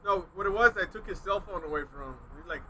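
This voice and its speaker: A man casually telling a profane, animated story among friends, acting out what others said. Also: high-pitched, quick pace, poor audio. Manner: profane, animated, acts out quotes. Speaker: podcast co-host telling a story.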